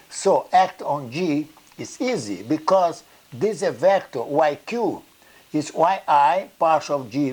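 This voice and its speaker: Slow, halting man lecturing on math. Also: a little high. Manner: halting, repeats words, checks in with "okay?" and "you see". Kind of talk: blackboard lecture.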